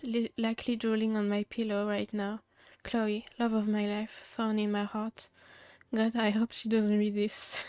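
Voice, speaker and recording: Woman streamer, higher voice, reads game lines flatly into a desk mic. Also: smooth, no room sound. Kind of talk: reading game dialogue aloud.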